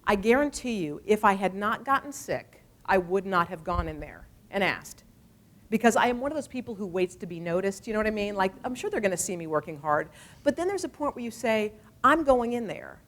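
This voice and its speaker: Candid woman telling a personal story. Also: mid-range voice. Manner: animated, acts out conversations in different voices; candid and conversational, many asides. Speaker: TV morning show anchor.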